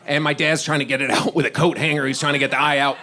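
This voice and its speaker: A man's voice: fairly high pitch, flat delivery, quick pace, pushed and bright. Rambling middle-aged man telling stand-up stories. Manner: rambling storyteller, laughs at his own lines. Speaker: stand-up comedian. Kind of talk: stand-up set.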